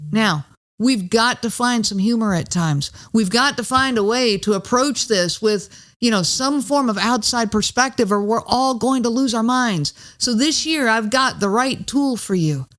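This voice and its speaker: A woman hosting her own podcast, talking in a conversational, wry way and acting out quoted lines in a lower voice. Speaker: podcast host. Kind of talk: solo podcast monologue.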